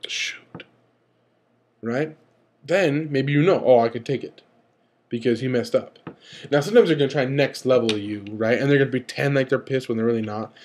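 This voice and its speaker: A young man talks straight to camera in a loose, rambling vlog. He gets animated and slips into little voices for other players. His pitch sits in an ordinary middle range for a man. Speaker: vlog host. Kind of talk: casual talking-to-camera vlog.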